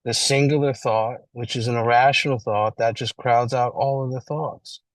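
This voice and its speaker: A man co-leading a recovery book study, talking in a slangy, animated way and acting out little scenes as he explains. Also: medium pitch, normal speed, dry recording, rough recording. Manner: animated, slangy, acts out scenarios. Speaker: study group co-leader. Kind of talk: casual recovery-meeting share.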